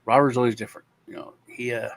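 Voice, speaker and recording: A man chatting casually, telling lively stories about his kids and acting out their voices. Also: medium pitch, quick pace, vocal fry. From Texas. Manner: animated, acts out his kids' voices. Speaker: co-host. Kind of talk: casual storytelling chat.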